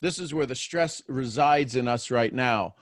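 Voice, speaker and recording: A man with a mid-range voice hosts a daily motivational show, speaking live to listeners at a measured pace. The recording is dry and studio-clean, and he keeps asking questions and repeating phrases as each point builds.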